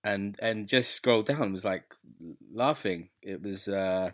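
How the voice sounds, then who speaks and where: A man co-hosting a casual podcast, talking in an animated, opinionated way and swearing casually. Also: fairly low pitch, a little slow. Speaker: podcast co-host. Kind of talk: casual chat.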